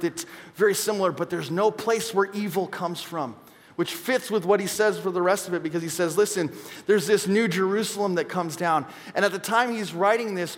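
A man in his thirties, a pastor, preaching an earnest, conversational sermon with personal storytelling. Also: a little high. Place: church sanctuary. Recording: long hall reverb.

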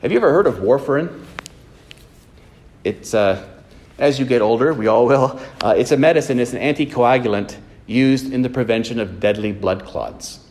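A man in the pulpit, preaching at a middle pitch with an easy, conversational delivery. He tells stories plainly and then presses his points home with earnest emphasis. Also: normal speed, darkish tone. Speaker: pastor. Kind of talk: sermon. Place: church.

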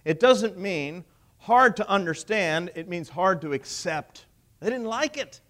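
A man's voice: high voice, expressive, a little slow, fairly bright tone. A man preaching a sermon, emphatic and asking his listeners rhetorical questions.

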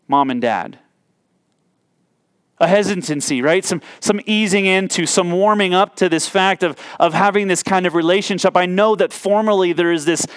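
Male pastor, 30s, fairly high voice, earnest sermon delivery with restarts, close and dry. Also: a bit bright, smooth, no room sound. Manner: earnest, with frequent restarts and repeated words.

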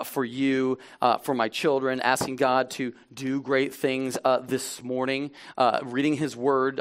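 A man preaching a sermon in a church, impassioned, swinging between loud emphatic lines and low, intimate asides. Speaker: pastor.

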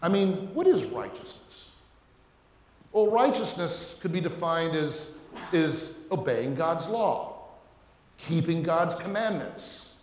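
A man's voice: a little high, sing-song, slow pace, darkish tone, a little hiss or hum. A man preaching a sermon as pastor, emphatic and questioning, often repeating words as he drives a point home. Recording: echoey hall.

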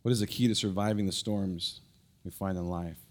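Telling a story in his sermon, a male pastor sounds lively and animated, then grows soft and low to make his point hit. Quick slips and restarts run through it.

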